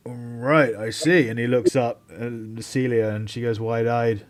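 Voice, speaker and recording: A man's voice: mid-range voice, measured pace. Man, game master, casual narration, hesitant, tabletop game. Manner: casual, relaxed, with frequent hesitations.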